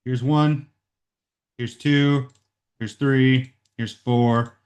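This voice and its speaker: A man's voice: medium pitch, steady tone, drawn-out words, a little mellow. A man teaching a recorded math lesson at home into a computer microphone. He works through the calculations aloud and keeps checking in with "right?".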